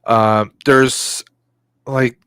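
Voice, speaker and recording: A male podcast co-host chats casually, joking and rambling with plenty of fillers. His voice sits at a middle pitch. The recording is dry and close, with no room echo. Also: fairly even intonation, very slow, a bit bright, clean tone.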